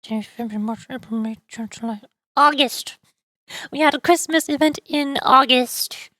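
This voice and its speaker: A woman's voice: high voice, moderate pace, bright, forceful tone, no echo. A young woman streamer chatting casually and sarcastically while she plays a game. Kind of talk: casual gaming stream chat.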